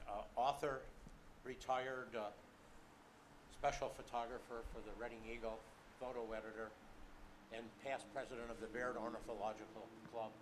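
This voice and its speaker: A man's voice: medium pitch, noisy background. A man acting as master of ceremonies, introducing the next speaker at an outdoor event. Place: outdoor street-corner ceremony.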